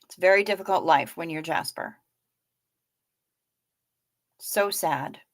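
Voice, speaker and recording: A woman's voice: lowish voice, a little slow, dry recording, studio quality. A woman hosting a live stream in a casual, chatty way, reading out viewer comments with wry asides and repeating herself for effect. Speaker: livestream host.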